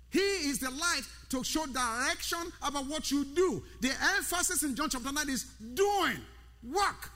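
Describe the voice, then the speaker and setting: A man's voice: extremely high pitch, normal speed, bright, forceful tone. A man preaching a sermon, repeating key words with rising emphasis and calling out to his congregation. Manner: calls out to the congregation by name. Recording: long hall reverb.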